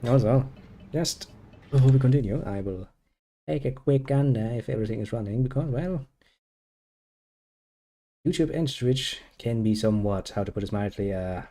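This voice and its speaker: Male let's-play host, mellow and warm tone, hesitant drawn-out asides. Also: medium pitch. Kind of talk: gameplay commentary.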